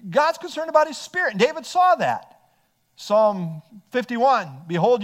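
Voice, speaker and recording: An earnest pastor preaches an expository sermon, reading scripture and then explaining it. For a man his voice is high, and his pitch swings up and down freely as he goes.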